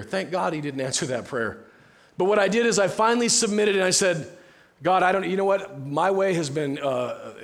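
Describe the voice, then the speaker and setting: Guy pastor preaching casual-like, kinda high voice, goes soft and hushed a lot. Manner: conversational preaching, dropping to soft hushed tones. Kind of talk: sermon. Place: church sanctuary.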